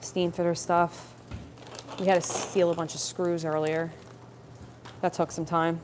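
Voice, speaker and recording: A young woman with a fairly low voice tells a story into her phone on a work site. She rambles, with plenty of fillers and self-corrections. Faint site noise hums behind her. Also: little pitch movement, measured pace, a little mellow. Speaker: plumbing apprentice vlogger. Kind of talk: casual live-stream storytelling.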